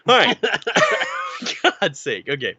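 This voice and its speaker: A man's voice: high-pitched, slow, breathy edge, no room sound, muffled recording. A man co-hosting a casual podcast, chatting and reading articles aloud, tripping over words as he goes. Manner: animated, stumbles over words while reading. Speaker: podcast co-host.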